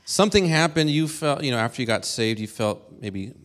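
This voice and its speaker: A man interviewing a church member, gently guiding her story with questions. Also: mid-range voice, lively intonation, fairly quick.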